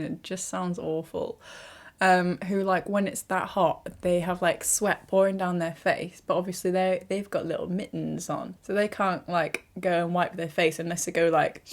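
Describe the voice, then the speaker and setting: A young woman, talking through a casual vlog in a chatty, animated way with self-mocking asides. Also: on the low side. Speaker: YouTuber.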